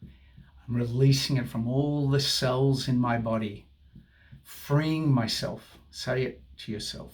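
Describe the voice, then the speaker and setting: A man's voice: mid-range voice, slow pace. A man guiding viewers through a tapping session, speaking affirmations for them to repeat. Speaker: tapping guide.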